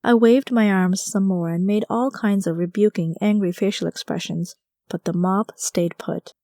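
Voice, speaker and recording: Woman, audiobook narrator, first-person story, wry conversational delivery, mellow tone, dry close recording. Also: medium pitch, fairly even intonation, moderate pace, no echo.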